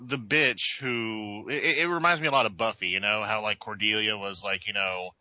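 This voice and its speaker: A man's voice: fairly low pitch, moderate pace. A man co-hosting a casual podcast chat, rambling with lots of stammered restarts. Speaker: podcast co-host. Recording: dull lo-fi sound.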